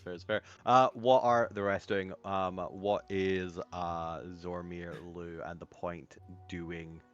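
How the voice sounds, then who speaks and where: A man running a tabletop game as game master, describing the action in a halting way with lots of fillers, over an online voice call. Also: low voice, little pitch movement, a bit bright, clear, resonant tone, highs cut off, soft background music.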